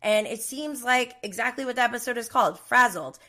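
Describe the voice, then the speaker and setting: A woman's voice: on the high side, a little fast, bright, forceful tone. A woman hosting a casual live recap show, chatty and opinionated. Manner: chatty, opinionated, mimics people she quotes.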